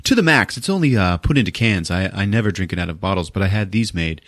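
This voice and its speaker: A man's voice: low-pitched, lively intonation, quick pace, a bit bright, dry recording, clean studio sound. A man voicing a pompous, boastful male sponsor.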